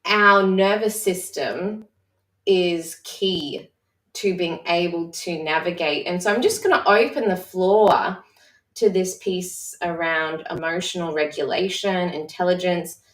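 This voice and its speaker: A mother leading a discussion session who talks in a candid, reflective, halting way with frequent restarts. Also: fairly low pitch, fairly bright tone. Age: adult mother. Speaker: session facilitator. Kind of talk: personal sharing in a live-streamed discussion. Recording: roomy echo, voice far from the mic.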